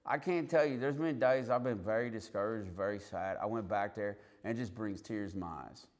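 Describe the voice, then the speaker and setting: Animated man preaching a testimony. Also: fairly low pitch, fairly quick. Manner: animated storyteller who acts out quotes. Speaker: street preacher. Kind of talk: sermon testimony storytelling.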